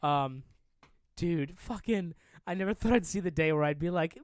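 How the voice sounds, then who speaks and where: A man's voice: fairly high pitch, moderate pace, no room sound. A young man co-hosting a podcast, talking casually and animatedly, swearing and mocking as he goes. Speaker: podcast co-host. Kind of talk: casual chat.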